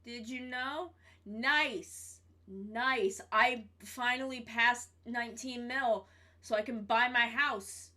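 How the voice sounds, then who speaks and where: A woman's voice: fairly high pitch, slow pace, bright, forceful tone. Chatty, profane woman streamer. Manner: chatty and profane, repeats greetings. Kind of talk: casual live-stream chat.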